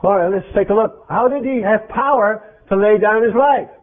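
High-voiced preacher man, tinny sound. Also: normal speed. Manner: emphatic, quizzes the congregation. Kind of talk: interactive sermon. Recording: tinny phone-like lo-fi recording.

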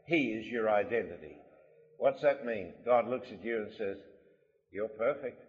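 A man preaching a sermon, emphatic, repeating his key lines and swinging between loud and soft delivery. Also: lowish voice, lively intonation, moderate pace. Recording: lo-fi recording in a reverberant hall.

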